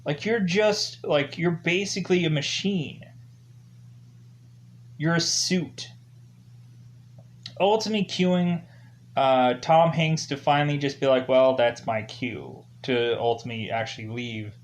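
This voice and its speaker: A man's voice: fairly high pitch, measured pace, pauses often. A man giving a casual, rambling spoken film review, leaning heavily on fillers like "ultimately" and "like". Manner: loosely acts out characters' lines in quotes.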